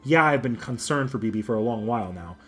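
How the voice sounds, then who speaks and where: A man's voice: mid-range voice, animated, quick pace, fairly bright tone, faint music behind, natural voice. Man reading a resolute game hero. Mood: determined. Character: resolute young game protagonist.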